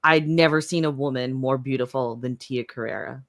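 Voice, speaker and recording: A woman's voice: extremely low pitch, moderate pace, no room sound, studio quality. A woman in a casual film discussion, talking in a frank, playful way.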